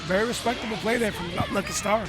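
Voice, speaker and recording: Male co-commentator, relaxed slangy banter, high brisk voice, music underneath. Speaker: esports co-commentator. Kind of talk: casual fighting-game commentary.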